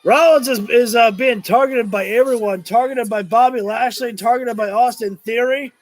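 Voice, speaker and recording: A man doing live watch-along commentary of a wrestling show, excitable, shouting and cursing at the action, sometimes tripping over his words. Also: extremely high pitch, normal speed. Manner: rambling, stumbles over words.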